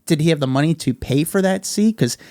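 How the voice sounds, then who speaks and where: A man appearing as a podcast guest, chatting and telling anecdotes in a rapid, lively way. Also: on the high side, dry recording, clean studio sound. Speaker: guest, street journalist. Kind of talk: casual podcast chat, storytelling.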